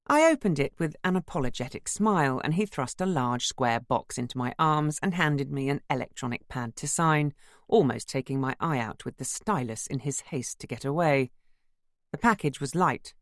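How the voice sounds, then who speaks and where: A narrator giving a measured, literary first-person audiobook reading. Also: male voice, mid-range voice, dry recording, studio quality.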